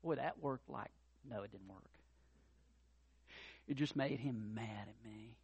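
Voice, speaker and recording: A middle-aged man preaching a sermon as pastor, earnest, dropping soft and low then rising to loud impassioned peaks. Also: unhurried, creaky, slightly rough. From North Carolina.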